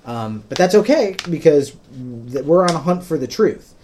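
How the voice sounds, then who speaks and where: A man's voice: fairly high pitch, sing-song, normal speed, darkish tone, a little hiss or hum. A man hosting a podcast, patiently explaining things in plain words with frequent ums. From United States. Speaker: podcast host. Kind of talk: casual explanatory podcast talk.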